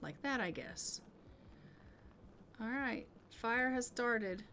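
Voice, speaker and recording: A woman's voice: fairly high pitch, expressive, takes it slowly, bright, forceful tone, slight background noise. A woman giving casual commentary on her own gameplay, chatty and thinking aloud as she plays. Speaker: gaming YouTuber.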